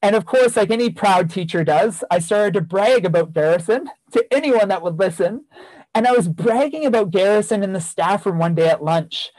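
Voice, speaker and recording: His voice sits high and has a darkish tone, with lively intonation at a normal speed. The recording is dry and rough. A former teacher giving a keynote, he tells an earnest story from his teaching career, using repeated phrases for emphasis.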